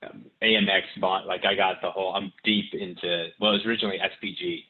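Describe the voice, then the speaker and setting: A man's voice: deep voice, fairly even intonation, quick pace. A man talking as a podcast guest in loose, rambling casual chat, with many restarts. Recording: tinny remote line with hiss.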